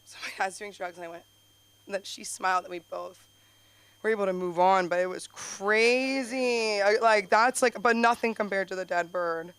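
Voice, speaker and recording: A young woman doing open-mic stand-up, rambling with lots of fillers and sudden high jumps in her voice. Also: moderate pace, a bit bright, smooth. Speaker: stand-up comedian. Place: comedy club stage.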